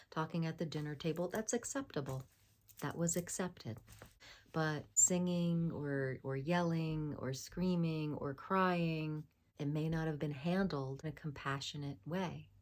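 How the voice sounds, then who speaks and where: A woman speaking as a spiritual voice coach, gentle and affirming, sometimes dropping into a soft whisper. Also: low-pitched. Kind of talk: spiritual self-help talk.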